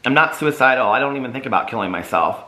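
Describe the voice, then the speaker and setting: A man's voice: mid-range voice, expressive, quick pace, sharp tone. A man voicing a lost, heartbroken young man who speaks plaintively.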